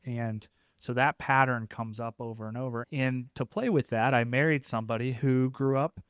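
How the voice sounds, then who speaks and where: A young man co-hosting a podcast, speaking in a reflective, measured way. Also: medium pitch, fairly even intonation, clear, resonant tone, dry recording, clean studio sound. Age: young adult. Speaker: podcast co-host. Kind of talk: podcast conversation.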